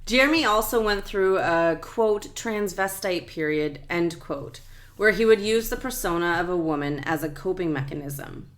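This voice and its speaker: A woman with a fairly low voice hosts a true crime podcast. She walks through the details of a case in a steady, measured read from her notes, speaking into a podcast mic. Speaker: podcast co-host.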